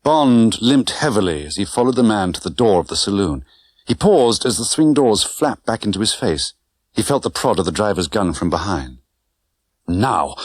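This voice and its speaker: A man narrating an audiobook with an expressive, dramatic reading. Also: mid-range voice, breathy edge, no room sound. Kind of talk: scripted narration. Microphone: close studio mic.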